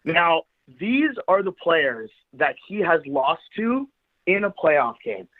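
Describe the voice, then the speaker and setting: A man's voice: a little high, very animated, slow. A man co-hosting a sports gambling show, needling and arguing in casual debate. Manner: needling, argumentative. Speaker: podcast co-host. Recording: tinny phone-like line.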